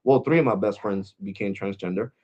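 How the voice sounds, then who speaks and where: A man's voice: lowish voice, a little fast, a little mellow, dull audio. A man vlogging, ranting to his viewers in a blunt, mocking way. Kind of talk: opinion rant to camera.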